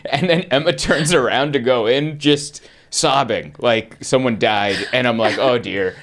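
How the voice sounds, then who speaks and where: A man hosting a podcast, telling a story in casual chat and acting out the people in it. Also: measured pace. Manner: animated storyteller, acts out quotes with jumps in pitch. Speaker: podcast host and comedian.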